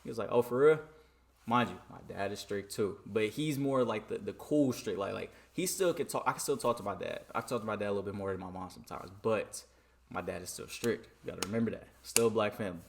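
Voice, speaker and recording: Man, from Michigan, casual storytime vlog, animated, re-enacts dialogue. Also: on the low side, fast talker, vocal fry. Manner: animated, keeps repeating "you know what I'm saying".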